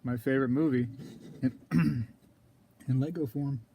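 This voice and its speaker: A man hosting a casual live stream, rambling to viewers in chat and clearing his throat often. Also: mid-range voice, fairly even intonation, a little slow, mellow, a little hiss or hum. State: throat scratchy, keeps coughing.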